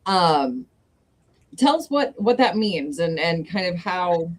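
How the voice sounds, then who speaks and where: A woman's voice: fairly low pitch, big pitch swings, takes it slowly. A woman co-hosting a podcast, asking her guest questions with bubbly enthusiasm. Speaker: podcast co-host. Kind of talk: casual podcast interviewing.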